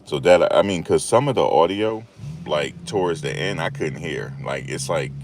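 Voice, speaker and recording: Deep-voiced man in chatty commentary. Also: normal speed, slight background noise. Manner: chatty, repeats himself, laughs at the story. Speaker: YouTube commentary host. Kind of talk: casual commentary monologue.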